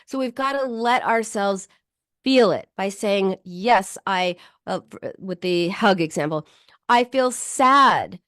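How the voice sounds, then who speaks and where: A middle-aged woman psychologist talking to viewers in a lively self-help style, acting out inner voices and joking at her own expense. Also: mid-range voice, measured pace, dry recording, clean studio sound. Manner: animated, self-deprecating, acts out inner voices. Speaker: psychologist and show host.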